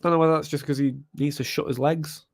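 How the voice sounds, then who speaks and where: A young man chats and reacts as a fan through a live match stream, rambling excitably and breaking into chants. His voice is a little high and quick, captured in a dry, studio-quality recording of casual live commentary.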